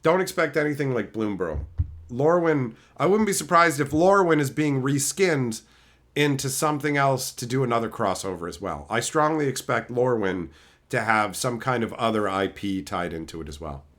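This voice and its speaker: A middle-aged man hosting a casual livestream, swearing freely and bouncing between chat topics. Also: normal speed. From Canada. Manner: animated, swears a lot, mimics chatters in high silly voices. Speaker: livestream host.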